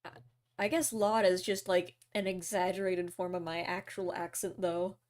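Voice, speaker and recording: A woman's voice: fairly low pitch, little pitch movement, moderate pace, darkish tone. A woman with a Southern US accent chatting on a live stream while reading a game aloud, laughing often.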